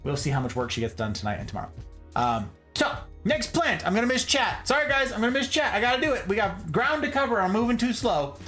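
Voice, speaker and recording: A man hosts a relaxed livestream from an indoor room full of plants, and his voice swings widely up and down as he chats. He talks in an animated, chatty way and reads viewer comments aloud. Faint music plays behind him. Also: high voice, fast. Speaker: livestream host. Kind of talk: casual livestream chat.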